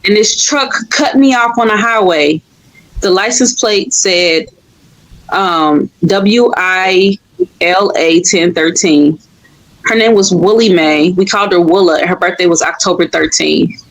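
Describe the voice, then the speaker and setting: A woman's voice: lowish voice, measured pace, poor audio. A woman who works as a medium, speaking earnestly as a podcast guest and often filling with "like". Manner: earnest, leans on "like" as a filler. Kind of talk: casual podcast chat.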